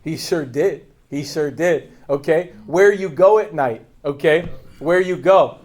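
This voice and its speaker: A man with a high voice gives his agency team a fervent, sermon-like talk. He is blunt and repeats his points over and over, hammering them home with rhetorical questions. His delivery is confrontational and breaks into bursts of laughter. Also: expressive, slow, a little mellow. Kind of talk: fervent motivational preaching.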